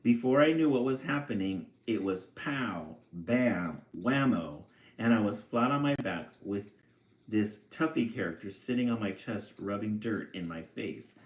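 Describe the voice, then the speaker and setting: A man's voice: fairly low pitch, animated, measured pace. A man voicing an upset little girl bear cub in a storybook read-aloud, indignant and emphatic. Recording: echoey room.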